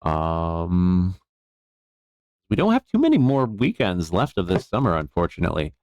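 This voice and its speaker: A man's voice: sits low, huge pitch swings, normal speed, darkish tone, no echo. A man chatting casually on a live stream from his jewelry workbench, easygoing and rambling as he thanks viewers. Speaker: jeweler streaming bench work.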